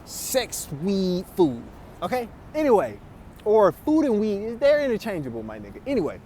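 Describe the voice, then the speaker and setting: A man's voice: high-pitched, huge pitch swings, normal speed, dark tone, slight background noise. A man telling stories in casual, profane chat, laughing often. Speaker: podcast host.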